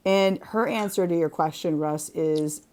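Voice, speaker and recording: A middle-aged woman co-hosting a casual crafting chat, reading out viewer comments and telling lively stories. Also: lowish voice, measured pace, slight background noise. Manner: animated storyteller, acts out quoted lines.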